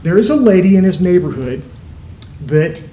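A man preaching a sermon as pastor, stressing words with emphatic shifts in pitch. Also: lively intonation, moderate pace, dark tone, echoey room, lo-fi sound, slight background noise.

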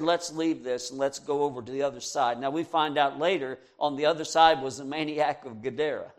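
A man preaching a sermon in an earnest, conversational way, raising his voice on quoted scripture and chuckling at his own asides. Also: on the high side.

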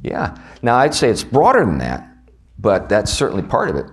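A man with a Southern US accent leads a church study class. His voice sits low but swings expressively as he explains. He talks casually and keeps putting questions to the group. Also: moderate pace, breathy edge. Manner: conversational, animated, asks the class questions. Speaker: Bible study teacher. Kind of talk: teaching a class on a confession of faith.

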